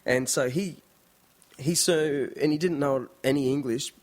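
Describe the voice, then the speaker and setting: A man's voice: medium pitch, unhurried. A man with an Australian accent chatting casually and rambling in a vlog. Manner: chatty, rambling, full of fillers and impressions. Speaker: vlogger.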